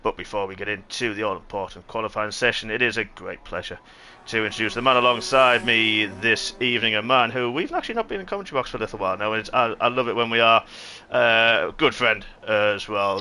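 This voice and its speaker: A man hosting and commentating a sim racing league broadcast, opening with showman-like, lively introductions. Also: fairly low pitch, fairly quick, slight background noise. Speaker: lead commentator and show host.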